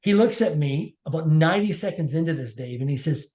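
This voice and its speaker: A man's voice: fairly high pitch, expressive, fairly quick, a little mellow. Emphatic man with a raised voice, echoey. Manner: emphatic, repeats key phrases. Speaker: podcast guest. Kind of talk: personal storytelling in an interview. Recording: echoey room.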